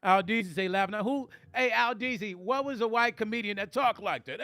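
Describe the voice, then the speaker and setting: Middle-aged man, high, bright voice, dry close sound, joking livestream banter. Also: no room sound. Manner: joking, playful banter, drawn-out teasing. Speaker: musician and vlog host reading live chat. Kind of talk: casual livestream chat.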